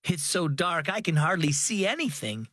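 A man's voice: fairly high pitch, big pitch swings, moderate pace, a bit bright, dry recording, clean studio sound, voice pushed up. A man voicing an anxious, earnest young boy in a children's audio story, raising his voice in an eager, worried way.

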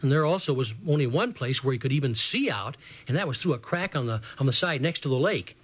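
A middle-aged man reading a children's adventure story aloud in a lively, boyish first-person voice. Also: medium pitch, quick pace, breathy edge, no echo.

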